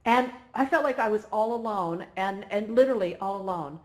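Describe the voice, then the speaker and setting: A woman's voice: mid-range voice, moderate pace. A woman hosting a live virtual reality event, chatty and emotional, close to tears. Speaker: event host.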